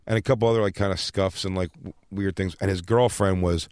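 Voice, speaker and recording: A lower-voiced man, a stand-up comedian, tells crowd stories in loose, profane chat. He gets animated and laughs as he talks. The sound is dry and close. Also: a little fast, smooth, no echo. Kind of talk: casual podcast chat.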